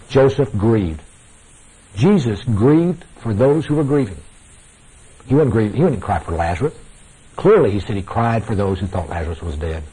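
A lo-fi radio broadcast carries a man's sermon to his congregation. His voice is fairly low, dark, and husky, and he preaches emphatically, repeating phrases for effect and calling his listeners "guys."

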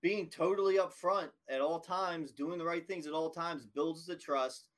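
A man's voice: on the high side, moderate pace. A man hosting a casual podcast conversation, talking in an enthusiastic, affirming way. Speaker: podcast host.

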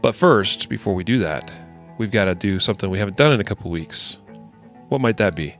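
A man's voice: on the low side, lively intonation, fairly quick, faint music behind. A man hosting a podcast, chatting casually and reading sponsor spots in an upbeat, conversational way. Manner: upbeat, conversational, with fillers and asides. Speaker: podcast host. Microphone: screen-sharing video call setup.

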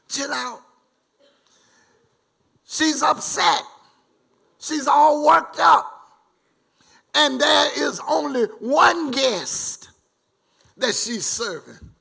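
Slow, gravelly preacher man. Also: very high voice. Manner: emphatic, repeats words, lively asides. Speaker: pastor. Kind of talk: sermon.

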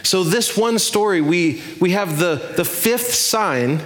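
A man preaching a sermon as pastor, telling the story with lively questions to his listeners. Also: sits high, slow pace.

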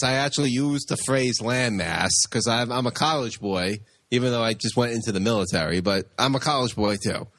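A man's voice: medium pitch, fairly bright tone, no room sound, lightly acted. A man voicing a brash, hard-drinking adult comic-book bully with a put-on Brooklyn accent. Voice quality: gruff, slurring drinker.

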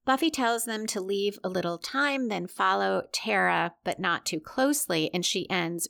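A woman with a middle-pitched voice recapping a TV episode in a methodical way, reading out timestamps as she goes. She adds short asides of her own between the plot beats. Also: unhurried, creaky, few pauses, a bit bright. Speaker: podcast host.

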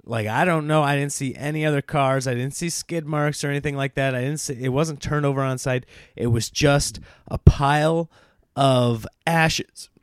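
A man, a stand-up comedian, telling a casual story in a rambling way, with lots of fillers and excited restarts. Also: mid-range voice, dry recording, clean studio sound.

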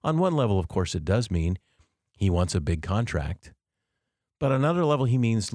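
A man with a very low, deep voice hosts a devotional podcast. He talks earnestly and reflectively and explains ideas step by step. The recording is dry, with no room sound. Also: sing-song, moderate pace, darkish tone, no echo. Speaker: podcast host.

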